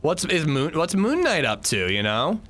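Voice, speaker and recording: A man's voice: on the high side, wildly swooping pitch, normal speed, a bit bright. A man streaming a video game, chatting casually with friends in a rambling, restarting way and swearing often. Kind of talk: casual chat while gaming.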